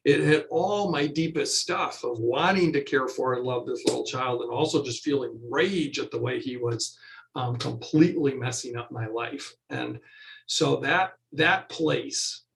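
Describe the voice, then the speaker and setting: Middle-aged male guest, soft-spoken and searching, halting delivery. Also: medium pitch, gravelly, rough recording. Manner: halting, searching, many restarts. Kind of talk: reflective interview talk.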